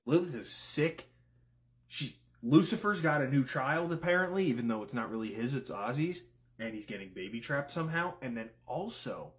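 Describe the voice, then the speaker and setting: A man giving casual commentary, firing off questions and swearing freely. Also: mid-range voice. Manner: rapid-fire questions, profane, excitable. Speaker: content creator.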